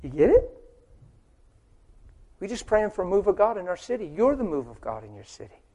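A man preaches with a voice set a little higher than most. He throws rhetorical questions at the crowd and swings from loud, driving emphasis to hushed, close storytelling. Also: sing-song, a little fast. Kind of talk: sermon.

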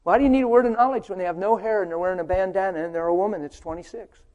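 A man preaching a sermon, asking rhetorical questions and swinging from loud, driving emphasis to hushed storytelling. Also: sits high, racing. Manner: asks the crowd rhetorical questions.

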